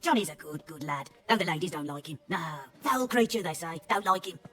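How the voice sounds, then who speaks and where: A woman voicing a stern old village woman who cares for orphans in a video game, sharp and guarded. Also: fairly low pitch, expressive, a little fast, soft background music. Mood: grudging. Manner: stern, then a hushed ritual chant.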